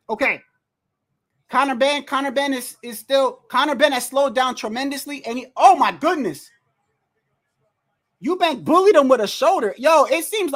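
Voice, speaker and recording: Streamer reacting to a boxing match live, high voice, bursts of loud excitement, rambling slangy commentary. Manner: excitable, loud outbursts, frequent slang and cursing; rambling restarts and repeated words. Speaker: livestream host. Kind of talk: casual fight watch-along commentary. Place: indoors at home, wind and street heard outside.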